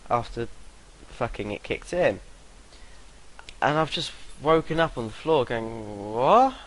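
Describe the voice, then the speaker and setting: A young vlogger tells a rambling story to camera, swearing freely and laughing between sentences. His voice is medium-pitched and unhurried, and the audio quality is poor.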